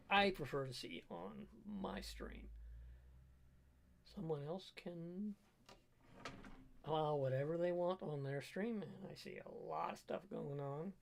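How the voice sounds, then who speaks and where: Middle-aged guy streaming from his kitchen, gravelly and husky, rambles and stops a lot but sticks to his opinions. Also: on the high side. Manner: rambling, halting, firmly opinionated. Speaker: cook and livestreamer. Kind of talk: casual livestream chat. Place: home kitchen.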